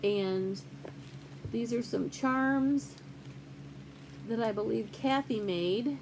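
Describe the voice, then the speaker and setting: A woman's voice: fairly high pitch, drawn-out words, noisy background. An older woman hosting a casual cross-stitch vlog, chatty and rambling with fillers as she shows off gifts. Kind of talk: casual show-and-tell vlog.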